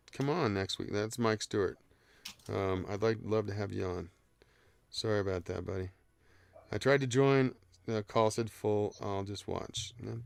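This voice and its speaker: Gravelly-voiced man hosting a livestream. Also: on the low side, dry recording. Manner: rambling, loose and profane, reads chat aloud. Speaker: livestream host. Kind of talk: casual livestream chat.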